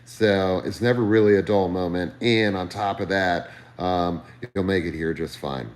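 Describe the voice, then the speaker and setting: A man on a live stream telling a comedic story, animated, ranting and swearing freely. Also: deep voice, normal speed, reverberant.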